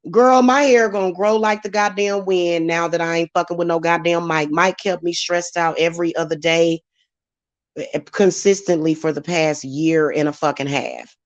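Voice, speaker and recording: A woman's voice: lowish voice, fairly even intonation, normal speed, no room sound, muffled recording. A woman hosting her channel, ranting heatedly and profanely at commenters in a live-stream vlog. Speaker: channel host and spiritual reader. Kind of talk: live-stream rant to viewers.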